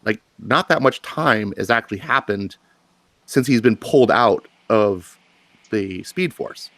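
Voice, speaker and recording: A man on a comics discussion panel, arguing his view with animated emphasis and frequent restarts. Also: fairly low pitch, a little slow, no echo. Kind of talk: passionate live panel debate.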